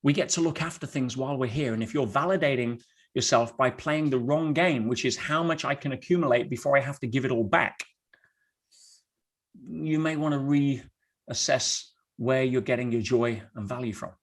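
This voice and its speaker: A man's voice: medium pitch, moderate pace. Middle-aged man, motivational speaker; blunt, storytelling delivery to a live online audience. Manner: blunt, storytelling, addresses listeners as guys.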